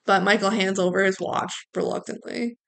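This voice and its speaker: A woman's voice: mid-range voice, steady tone, normal speed, vocal fry. A woman co-hosting a podcast, chatting casually through a movie recap, laughing and quoting characters. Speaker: podcast co-host.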